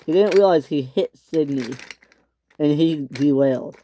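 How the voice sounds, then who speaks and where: A young male speaker, likely a boy, narrates a toy train story he's making up as he goes, excitable and often restarting, with loud screams for the characters. His voice is fairly high and a little slow.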